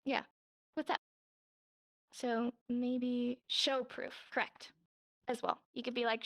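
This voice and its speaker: Chatty woman teacher with a gravelly edge. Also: on the high side, little pitch movement, takes it slowly, long pauses, a bit bright, dry recording. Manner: chatty, acts out quoted lines, laughs often. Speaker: sign language teacher. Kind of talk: casual online class in virtual reality.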